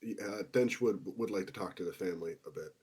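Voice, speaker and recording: A man playing a tabletop game, speaking in a halting, unsure way that trails off. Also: sits low, darkish tone. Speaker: player. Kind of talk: casual chat while playing a tabletop game.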